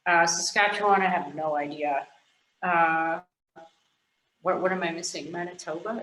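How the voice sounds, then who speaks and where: A woman's voice: lowish voice, fairly even intonation, moderate pace, long pauses, a bit bright, roomy sound, slight background noise, low-quality recording. A Canadian woman, a scientist guest, chatting frankly and rambling on a podcast, swearing casually now and then.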